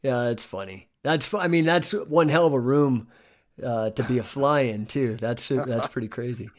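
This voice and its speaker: A man's voice: mid-range voice, moderate pace, a little hiss or hum. Man hosting a podcast, hesitant and chatty. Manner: hesitant, many fillers, upbeat when introducing segments. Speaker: podcast host. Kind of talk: casual podcast interview.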